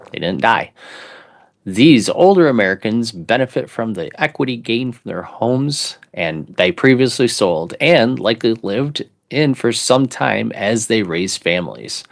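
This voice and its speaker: A man in his fifties co-hosting a casual chat, reading articles aloud in a mock announcer voice and adding joking asides. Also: lowish voice. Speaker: co-host.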